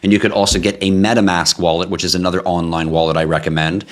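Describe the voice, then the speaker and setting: A man's voice: sits low, little pitch movement, quick pace. A man hosting a live stream, chatting casually and with animation straight to his viewers. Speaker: livestream host.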